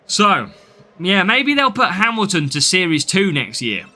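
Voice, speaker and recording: A man's voice: high voice, sing-song, unhurried, pushed and bright. A man from the English Midlands with a Midlands accent, chatting through a live game stream and answering viewers' comments as he plays.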